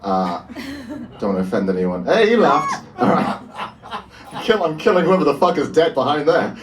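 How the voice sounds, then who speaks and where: A man's voice: fairly high pitch, big pitch swings, normal speed, distant mic, noisy background. A man, doing a live stand-up set with a dry, self-mocking delivery. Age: 20s. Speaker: stand-up comedian. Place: small bar venue with live audience.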